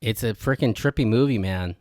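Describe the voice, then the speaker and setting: Man podcast co-host, excitable, "dude" every line, dry close sound. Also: fairly low pitch, a little fast, no room sound. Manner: excitable, says "dude" constantly, acts out quotes. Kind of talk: casual chat.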